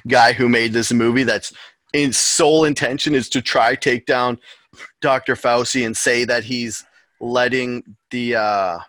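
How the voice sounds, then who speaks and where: A man's voice: mid-range voice, steady tone, unhurried, a bit bright, no room sound. A man co-hosting a podcast, chatting in a loose, rambling and joking way. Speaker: podcast co-host. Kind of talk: casual chat.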